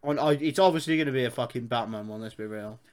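A young man from Birmingham with a broad Brummie accent hosts a loose podcast chat. He talks fast and swears freely at a middling pitch, with a cheerful teasing edge. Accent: Birmingham English. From Birmingham, England. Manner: fast-talking, sweary and laughing. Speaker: podcast host. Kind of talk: casual chat.

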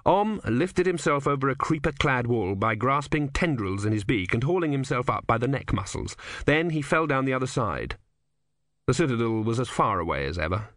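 A man reading an audiobook in a measured, wry storytelling manner. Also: medium pitch, very animated, a bit bright, no room sound, clean studio sound. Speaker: audiobook narrator. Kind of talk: scripted narration.

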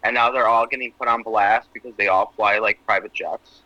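A man's voice: fairly low pitch, fairly even intonation, brisk, bright, forceful tone, no echo, dull audio. A man on a casual podcast over a video call, reacting with wry, teasing jokes and short quips. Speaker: podcast co-host. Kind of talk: casual chat.

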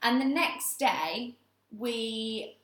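A young woman co-hosting a podcast, telling a story in casual chat, animated and laughing, swearing freely. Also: fairly high pitch, very slow. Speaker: podcast co-host. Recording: echoey room.

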